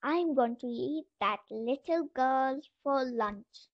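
A croaking, cruel old witch, voiced by a woman, hungry for a little girl in a storybook tale. She is pitched high and speaks slowly with menace. The sound is dull and lo-fi. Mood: menacing. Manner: menacing, furious outbursts. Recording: dull lo-fi voice message.

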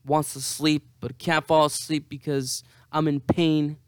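A man's voice: a little high, flat delivery, unhurried, clean tone, no echo, clean studio sound. A hungover young man rambling to camera in a profane, self-mocking monologue. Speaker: vlogger.

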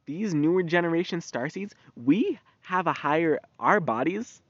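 A man's voice: on the high side, lively intonation, normal speed, fairly bright tone, husky, no room sound. Rambling, profane young man. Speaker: podcast host. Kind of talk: casual podcast monologue. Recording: dull, dry lo-fi recording.

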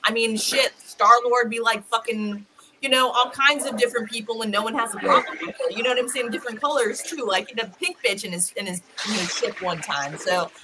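A woman's voice: on the high side, fairly quick, heavy background noise. A woman co-hosting a casual podcast, speaking loosely and often asking "you know what I'm saying". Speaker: co-host.

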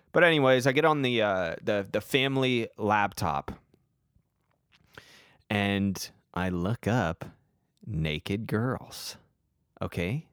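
A man's voice: lowish voice, no room sound, clean studio sound. A young man telling a rambling, self-mocking comic story about his childhood. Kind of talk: comedic personal story.

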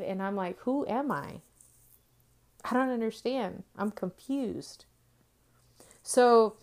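Give me a middle-aged woman telling her testimony with lively, acted-out dialogue. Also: mid-range voice. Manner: animated storytelling, acting out dialogue. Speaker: speaker sharing a testimony. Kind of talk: testimony talk.

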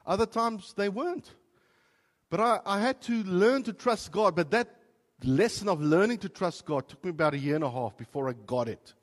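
A man from South Africa preaching a sermon as a pastor, telling a personal story and swinging from soft, quiet passages to loud, emotional outbursts. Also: fairly high pitch, long reverb tail. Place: church.

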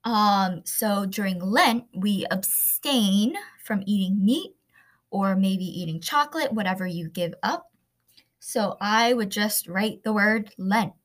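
A woman teacher recording a vocabulary lesson, slowly pronouncing each word and explaining it with everyday examples. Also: medium pitch. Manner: slow, careful pronunciation drills.

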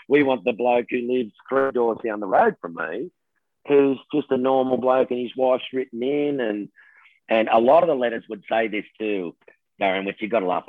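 A middle-aged Australian man, a television host, telling stories in a lively casual chat and laughing often. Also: mid-range voice, no echo. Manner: animated storyteller, laughs often, says mate. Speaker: TV host guest. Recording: tinny phone line, dry.

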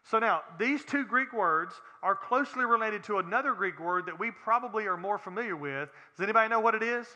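A man delivers a sermon in an earnest, plain-spoken way, often turning to the congregation with direct questions. His voice sits high and rings very bright. A long hall reverb trails behind his words. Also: animated, a little fast, hardly any pauses, muffled recording. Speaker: pastor.

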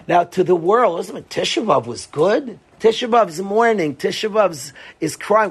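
Husky-voiced rabbi lecturing earnestly. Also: male voice, high-pitched, expressive, unhurried. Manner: earnest, repeats phrases for emphasis. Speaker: rabbi teaching yeshiva students. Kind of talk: Torah lecture to students.

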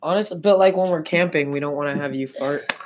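A woman's voice: low-pitched, fast, a little mellow, slight background noise. A young woman in casual podcast chat, telling a rambling story with lots of fillers.

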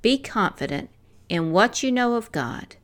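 An older woman reading a devotional in a slow, measured, earnest way, as a missionary speaker. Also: fairly high pitch, very animated.

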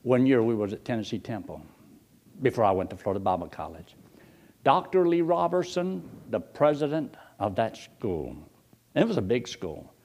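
Male preacher, folksy storyteller, chuckling, pitch swinging widely as he talks to the pews. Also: normal speed. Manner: animated, chuckling, folksy, talks straight to the congregation. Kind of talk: storytelling sermon to a congregation.

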